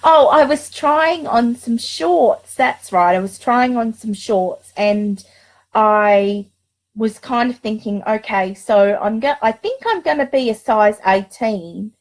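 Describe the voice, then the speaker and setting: A woman's voice: on the high side, expressive, takes it slowly, poor audio. A woman telling a personal story on her vlog, emotional and close to tears, rambling with many restarts. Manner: emotional, tearful, confiding. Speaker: vlogger.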